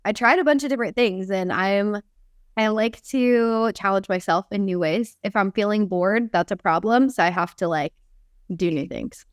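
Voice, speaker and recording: A woman in her twenties, a fitness coach and company founder, chatting casually and quickly in a podcast interview, often laughing. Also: mid-range voice, clear, resonant tone, dry recording, studio quality.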